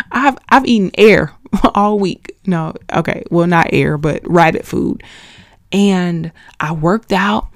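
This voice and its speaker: A woman's voice: on the low side, slow, no room sound, studio quality. A middle-aged woman hosting a faith podcast, urging listeners on in an emphatic, preachy way. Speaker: podcast host. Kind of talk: motivational faith talk.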